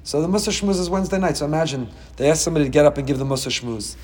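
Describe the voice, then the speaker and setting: A middle-aged man teaching a Torah class as a rabbi, dramatic and animated, with quick humorous asides. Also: fairly high pitch, big-room sound.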